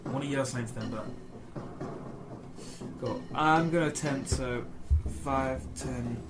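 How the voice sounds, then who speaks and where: A man playing a tabletop game, chatting casually and checking in with quick questions. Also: mid-range voice, music in the background. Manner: chatty, checking in with short replies. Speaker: player. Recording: noisy background.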